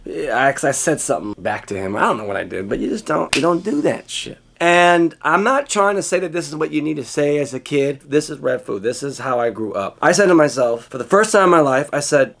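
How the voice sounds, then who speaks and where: A man's voice: mid-range voice, animated, fairly quick, few pauses, a bit bright. A man telling a personal story to the camera in a candid, rambling way, swearing freely. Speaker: vlogger.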